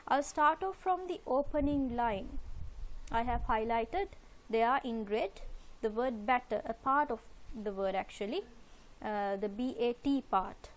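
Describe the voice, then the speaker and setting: A woman with a fairly high voice teaching a literature lesson over slides. She explains step by step, patiently and methodically, circling back to repeat her points with plenty of "uh" fillers. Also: unhurried.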